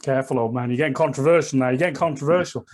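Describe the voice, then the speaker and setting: A man's voice: medium pitch, very fast, darkish tone. A man co-hosting a casual podcast chat about martial arts, teasing his partner and rambling with many fillers. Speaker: podcast co-host.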